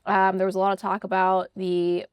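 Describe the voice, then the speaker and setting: A woman hosting a political interview show, talking in a brisk, conversational way full of "you know" and "like". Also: mid-range voice, monotone, smooth, no room sound. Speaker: podcast host.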